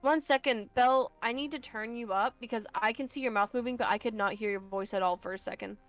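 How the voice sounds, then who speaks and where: A woman's voice: on the high side, quick pace. A woman playing a tabletop game, chatting casually with dramatic, joking complaints. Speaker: player.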